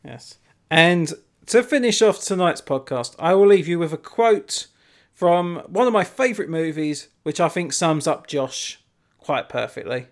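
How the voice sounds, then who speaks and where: English male podcast host, chatty and keen, slightly high voice, swears freely. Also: animated, a little slow. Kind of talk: casual chat.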